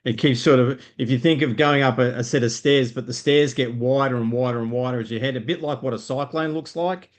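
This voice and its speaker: A man with an Australian accent teaching business owners in a live stream, energetic and explanatory, often checking in with "right?". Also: medium pitch, a little fast, hardly any pauses.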